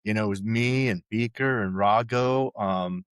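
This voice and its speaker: A man's voice: lowish voice, unhurried, clean tone, dry recording. Rambling, swearing man in his sixties. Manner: rambling, profane, many restarts and "you know"s. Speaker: podcast guest. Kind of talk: casual storytelling chat.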